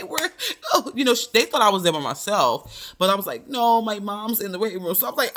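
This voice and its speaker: A young woman vlogger telling a personal story in a casual, animated way, acting out the people she quotes. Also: mid-range voice, quick pace. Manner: animated, quotes people in raised voices, drawls "baby".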